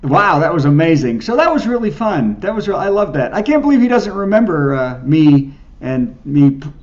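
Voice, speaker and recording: A man hosts an online comedy show over a video call. His voice is fairly high and bounces around a lot as he jokes with his guests. The sound is a little dull. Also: big pitch swings, moderate pace. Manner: upbeat, joking and teasing. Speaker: host. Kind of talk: hosting a virtual comedy show.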